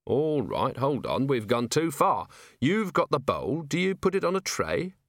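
A hard-driving veteran watch commander, as a male narrator plays him, who thinks aloud in brisk bursts and keeps firing probing questions. His voice sits a little above the narrator's own and is read close and dry. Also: medium pitch, big pitch swings, no room sound, pitched above the performer's own voice. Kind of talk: audiobook character voice.

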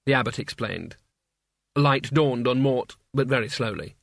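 A man narrating an audiobook in a measured, dry storytelling manner. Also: medium pitch, expressive, vocal fry, no echo. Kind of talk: scripted narration.

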